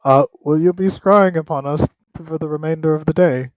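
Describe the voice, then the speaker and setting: A man's voice: on the high side, normal speed, no echo, close to an everyday voice. A man voicing a sheepish newlywed con man who stammers and hesitates. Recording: dull, lo-fi mic.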